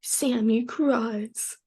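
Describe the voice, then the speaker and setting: Laid-back young woman, slightly high voice. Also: fairly even intonation, very slow, darkish tone, breathy edge. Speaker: podcast co-host. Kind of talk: casual chat.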